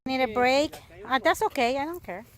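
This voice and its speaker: A mother vlogging outdoors at a farm, talking slowly to her toddler in coaxing baby talk and making animal sounds. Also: sits high, expressive. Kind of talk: casual vlog narration while talking to a toddler. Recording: noisy outdoor camera audio. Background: outdoor noise and animals.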